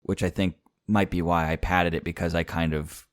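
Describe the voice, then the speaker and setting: A man's voice: low-pitched, little pitch movement, moderate pace, smooth, no room sound, clean studio sound. A man co-hosting a casual podcast, easygoing and joking, now and then reading a written review. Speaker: podcast co-host.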